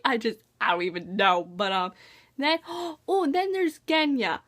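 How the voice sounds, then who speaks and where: A young woman chatting excitedly in a casual book review, gushing and gasping as she talks. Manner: gushing, excitable, gasps and quick pitch jumps. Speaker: book vlogger.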